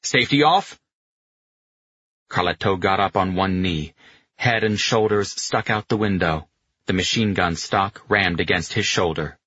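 Deep husky male audiobook narrator. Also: normal speed, no room sound, dull audio. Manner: steady storytelling, voicing characters in dialogue. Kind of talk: scripted narration.

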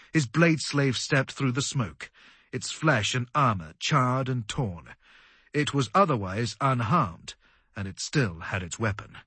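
A man narrating an audiobook in a dramatic, animated storytelling manner. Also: mid-range voice, husky, no echo. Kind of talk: scripted narration.

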